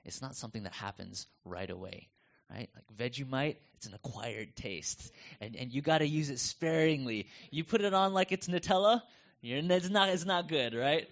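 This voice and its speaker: A man's voice: mid-range voice, animated, normal speed. A middle-aged man with a North American accent, preaching a conversational sermon and telling stories with animation. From United States. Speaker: pastor. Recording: dull lo-fi sound.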